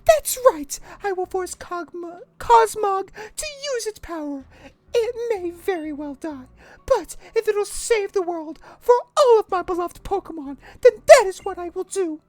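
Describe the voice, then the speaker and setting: A woman's voice: extremely high pitch, expressive, measured pace, darkish tone, no room sound, pitched above the performer's own voice. A woman putting on a haughty, cruel villainess mother. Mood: cold disdain. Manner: dramatic, theatrical and cold. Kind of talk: voicing game text aloud.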